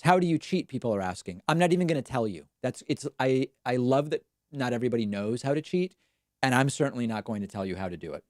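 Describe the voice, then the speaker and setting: A man's voice: medium pitch, a little mellow, no room sound, studio quality. A man hosting a live political commentary stream, talking back at clips with sarcasm. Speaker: show host.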